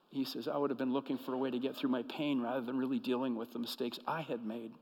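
A man preaching a sermon as pastor, telling stories and moving between hushed, intimate passages and emphatic, rising ones. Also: medium pitch, level tone, brisk, big-room sound, rough recording.

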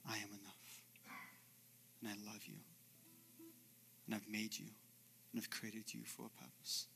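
A man acting out a gentle, loving male Jesus who speaks softly in a near whisper. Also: fairly low pitch, flat delivery, a little slow, gravelly, pitched below the performer's own voice, full character voice. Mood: tender.

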